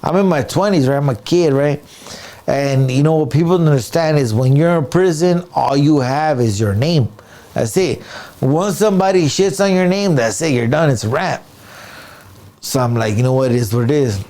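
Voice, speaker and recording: A comedian in an interview telling a story casually, with street slang, sound effects and many "right?" and "dude" tags. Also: male voice, fairly high pitch, lively intonation, normal speed, dark tone. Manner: many restarts and fillers.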